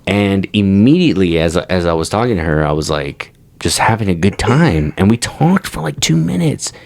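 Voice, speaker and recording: Very low-pitched young man in a casual podcast chat, swears a lot, tells stories with big animated voices, loose and rambling. He sounds like a regular on the show, trading stories with his co-hosts. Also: normal speed, gravelly. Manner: crude, animated storyteller who swears freely. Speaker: podcast co-host.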